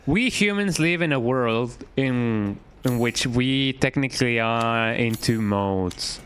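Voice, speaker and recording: A man's voice: mid-range voice, takes it slowly, a bit bright, a little hiss or hum. A man streaming a horror game, chatting to his viewers in a rambling, jokey way and often ending his lines with "eh". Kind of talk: casual gameplay chat.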